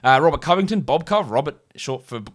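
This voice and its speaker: A man's voice: fairly high pitch, lively intonation, fairly quick. Rambling Australian man on a podcast. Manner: rambling, jokey, thinks aloud with many fillers. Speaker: podcast host. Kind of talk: casual solo podcast chat.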